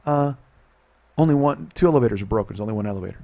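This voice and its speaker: A man's voice: mid-range voice, racing, vocal fry. Profane man telling a story. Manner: profane, animated retelling with quoted dialogue. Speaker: podcast host. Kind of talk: casual storytelling.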